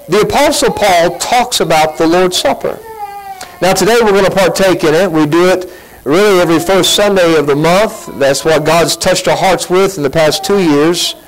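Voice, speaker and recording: Folksy preacher, a man in lively sermon. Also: high-pitched, low-quality recording. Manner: folksy, animated preaching with acted-out quotes. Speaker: pastor. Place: church sanctuary.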